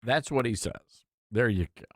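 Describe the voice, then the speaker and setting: A man's voice: mid-range voice, lively intonation, normal speed, no echo, studio quality. A man hosting a talk radio show, reading quotes aloud with mocking, sarcastic asides. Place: radio studio. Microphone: studio microphone.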